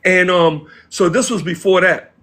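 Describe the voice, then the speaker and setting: A man guest casually telling stories from his past in an interview, animated and acting out the people he quotes. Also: high voice, a little slow. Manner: animated, acts out quoted voices. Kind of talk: casual storytelling.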